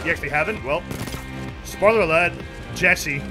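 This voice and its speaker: A young man giving goofy, excitable commentary while streaming a game, with sudden yells. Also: fairly high pitch, normal speed. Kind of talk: casual gaming commentary. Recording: game music playing behind.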